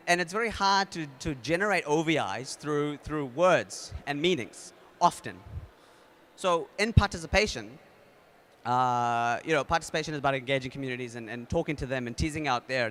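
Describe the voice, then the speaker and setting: A man with a New Zealand accent speaking at a conference, casual and energetic, with many fillers and restarts. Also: medium pitch, a little fast. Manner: energetic, leads the audience in a game. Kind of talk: conference talk.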